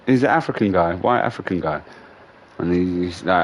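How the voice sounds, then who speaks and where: A middle-aged man hosting a gaming livestream, chatting casually and swearing through animated stories full of slang. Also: low-pitched, moderate pace, slight background noise. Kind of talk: casual chat.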